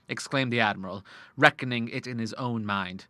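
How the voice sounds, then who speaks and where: A man narrating a classic novel in a measured way, dropping low for the narration tags. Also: sharp tone, dry recording, studio quality. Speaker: audiobook narrator.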